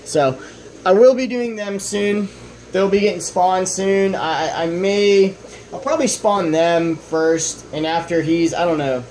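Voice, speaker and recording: A young man from the Southern US with a Texan accent, giving a rambling, halting update about his fish at home and often restarting his sentences. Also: high-pitched, a little mellow, slight background noise, rough recording. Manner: coos at his fish in a raised voice. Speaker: fish-keeping vlogger.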